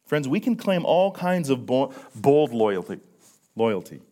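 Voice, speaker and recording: A man of middle pitch delivers a sermon to his congregation. His voice swings widely, dropping low and quiet, then rising with emphatic force. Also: very animated, a little slow. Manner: earnest preaching, swinging from hushed to emphatic. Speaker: pastor.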